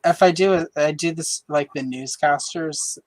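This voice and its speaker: A woman's voice: low voice, unhurried, a little mellow, no echo, low-quality recording. A woman hosting a live stream, chatting casually and joking at her own expense. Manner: chatty and self-deprecating. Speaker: host.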